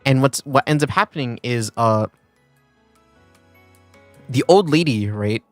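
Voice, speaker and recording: A man's voice: medium pitch, animated, measured pace, no room sound, faint music behind. A man streaming, telling a long story in a casual rambling way, full of fillers and restarts. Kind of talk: casual chat.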